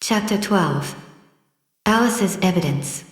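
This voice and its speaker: A woman narrating a classic storybook in a measured, gently expressive reading. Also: medium pitch, echoey room. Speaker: audiobook narrator.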